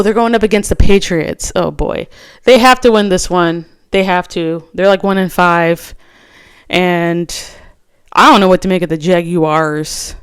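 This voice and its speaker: Her fairly low, smooth voice carries a casual solo conversation about fantasy football picks. The woman hosting rambles a lot, full of fillers and restarts.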